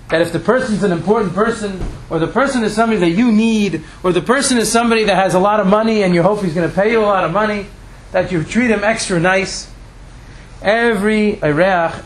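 Guy telling a story with a lesson, pretty high voice, acts out the characters, a bit of background hiss. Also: rough recording. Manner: animated, acts out the characters' lines.

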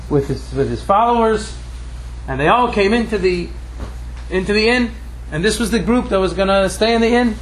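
Guy telling a story with a lesson, pretty high voice, acts out the characters, a bit of background hiss. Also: poor audio. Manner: animated, acts out the characters' lines.

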